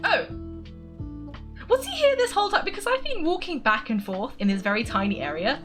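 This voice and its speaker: Giggly high-voiced woman streamer. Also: animated, brisk, fairly bright tone, faint music behind. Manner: giggly and chatty, laughs often. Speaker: gaming streamer. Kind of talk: casual game commentary.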